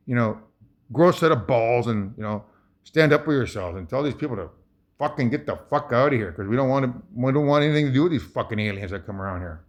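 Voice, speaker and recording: A man's voice: medium pitch, a bit bright. A man from Ontario, Canada, giving rambling, heated commentary over a video, swearing often and restarting his sentences. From Ontario, Canada (Saugeen First Nation). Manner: heated, profane, emphatic with many restarts.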